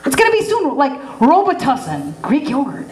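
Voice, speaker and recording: A woman's voice: high voice, huge pitch swings. A woman comedian performing a brash, punchy stand-up set on a club stage. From United States. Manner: brash, rapid, punchy delivery with character voices. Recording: echoey club with faint noise.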